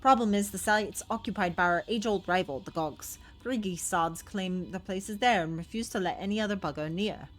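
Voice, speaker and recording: Woman putting on a gruff old dwarf chief. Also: mid-range voice, moderate pace, hardly any pauses, faint music behind, lightly acted. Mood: grumbling. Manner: put-on rough folksy accent, plain-spoken. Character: gruff older male dwarf chief, blunt and proud.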